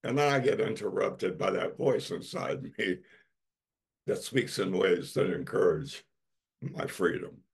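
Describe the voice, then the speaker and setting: A male pastor delivering a sermon, slow and emphatic, leaning on dramatic repetition. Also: low voice, creaky, breathy edge.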